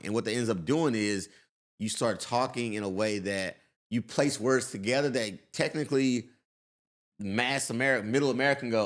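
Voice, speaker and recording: A young adult man in casual podcast chat, telling animated stories and mimicking other people's voices. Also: medium pitch, brisk. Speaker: comedian and co-host.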